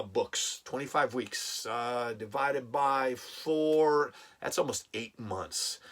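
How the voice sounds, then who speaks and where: A man's voice: mid-range voice, fairly bright tone, distant mic. A middle-aged man hosting a collector vlog, counting down his haul with eager exclamations and frequent fillers. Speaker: comic collector vlogger.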